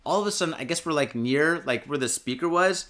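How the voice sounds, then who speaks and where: A man hosting a podcast tells a casual story in a bright, forceful voice that sits a little high. He swears constantly, piles up filler words and gets more and more worked up as he talks. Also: brisk. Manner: profane, excitable, heavy filler words. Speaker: podcast host. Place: podcast studio.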